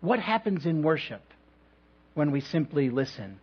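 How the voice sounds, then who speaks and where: Guy pastor preaching in church, kinda high voice, a bit husky, measured with some humor, dull lo-fi recording. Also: sing-song. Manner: measured, with reflective pauses and light humor. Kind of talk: sermon.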